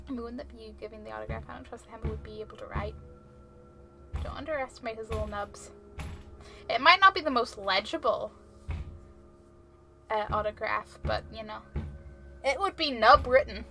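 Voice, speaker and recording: A woman's voice: fairly high pitch, moderate pace, gravelly, long pauses, pushed and bright, soft background music. A woman streamer giving casual, jokey gameplay commentary, chatty, swearing freely and laughing often.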